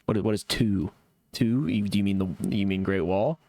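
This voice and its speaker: A man's voice: fairly low pitch, normal speed, dark tone. A young man streaming a game live, chatting casually with a sarcastic, laid-back manner and frequent laughs while reacting to chat.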